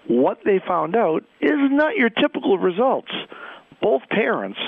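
Man, genealogist guest, chatty storyteller, gravelly, thin phone-line sound. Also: high voice, very animated, a little slow, no echo. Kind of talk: radio news segment chat.

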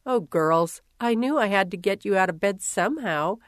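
A woman voicing a weary but determined pioneer mother who coaxes her daughters gently and firmly. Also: medium pitch, expressive, moderate pace, no room sound, clean studio sound, lightly acted. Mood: fond.

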